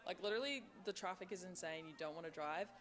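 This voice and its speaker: A woman's voice: fairly low pitch, fast talker. A young woman raised in Australia who speaks with an American accent, gushing in a casual vlog with lots of "like". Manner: bubbly, gushing, heavy use of "like". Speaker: vlogger in a played video.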